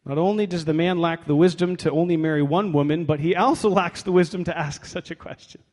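Man pastor, sermon, fairly high voice, wry, conversational, long church reverb. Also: fairly even intonation, a little fast, a little mellow. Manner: conversational, wry, reads scripture aloud.

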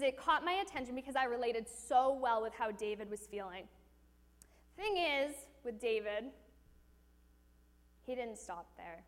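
High-voiced woman preaching in a hall. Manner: storytelling, animated, asks the audience questions. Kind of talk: sermon.

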